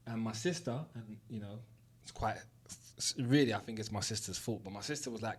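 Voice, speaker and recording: A young man with a London accent tells a personal story straight to his listeners. His voice sits in an ordinary middle pitch, and he talks in a candid, earnest way, swearing freely as he drives his point home. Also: fast, breathy edge. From South West London. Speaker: host. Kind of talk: motivational storytelling monologue.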